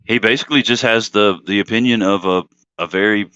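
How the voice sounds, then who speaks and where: A man's voice: fairly low pitch, fairly quick, pushed and bright, smooth, no echo. Rambling male stream host, dry lo-fi sound. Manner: rambling, laughs often, self-deprecating. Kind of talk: casual live-stream chat.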